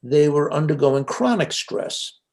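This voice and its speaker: A man's voice: on the high side, expressive, measured pace, darkish tone. A man being interviewed, telling reflective stories in a conversational way with frequent restarts. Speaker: interview guest, psychologist and author.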